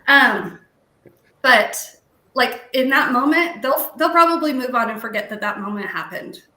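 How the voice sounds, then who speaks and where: Bright-voiced emotional mother on a panel. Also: sits high, expressive, echoey room. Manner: heartfelt, emotional, many "um" pauses. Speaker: parent of an autistic child. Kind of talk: casual panel discussion.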